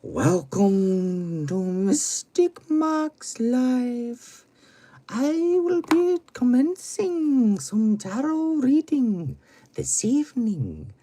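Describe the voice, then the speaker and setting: Brief: theatrical Scottish fortune-teller, as a man puts one on, lofty and slow. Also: sing-song, mellow, heavily acted. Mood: grandiose. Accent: put-on Scottish. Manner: grand, slow, high announcing. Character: theatrical Scottish mystic announcing tarot.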